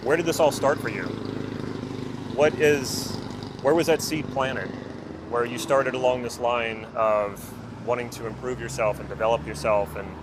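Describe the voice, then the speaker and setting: A man's voice: mid-range voice, fairly even intonation, moderate pace, noisy background. A man who works as a personal development coach talks to the camera in an earnest, reflective way and asks the viewer many questions.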